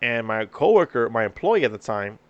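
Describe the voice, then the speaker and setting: A young man talks on his podcast, swearing freely and telling stories with lots of energy. His voice sits at an ordinary pitch for a man. The chat is loose and casual. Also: fairly quick, clear, resonant tone, no room sound, highs cut off. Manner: profane, animated storytelling. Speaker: podcast host.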